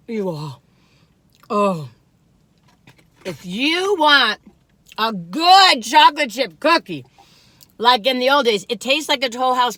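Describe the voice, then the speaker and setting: A woman's voice: a little high, sharp tone, dry recording. A woman in her sixties, chatting casually in a taste-test vlog and giggling and exclaiming over the food. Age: 60s. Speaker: food reviewer.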